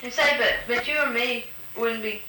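Patiently working through prompt questions with frequent ums, a female interviewer runs a structured Q&A. Her voice is a little high and steady in tone at a moderate pace, captured in a roomy space with background hiss.

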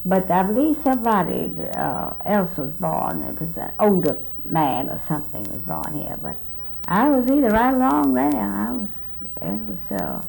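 In a low-quality recording, an older South Texas woman with a warm, medium-pitched voice and vocal fry reminisces as an oral history interviewee. She wanders through her memories, repeats what others told her, and restarts many times.

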